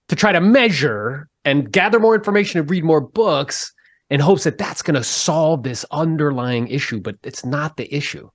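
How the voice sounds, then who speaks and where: A man hosting a podcast, talking in a casual interview style, animated and emphatic as he pushes his pitch up to stress points. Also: normal speed, dry recording, studio quality. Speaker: podcast host.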